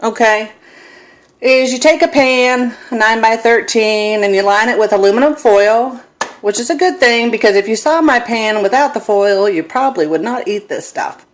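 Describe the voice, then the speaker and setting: A woman's voice: fairly high pitch, normal speed. A middle-aged woman in her home kitchen, recording a casual cooking vlog on her phone and wandering into self-deprecating stories. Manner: rambling, self-deprecating storyteller. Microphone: phone camera.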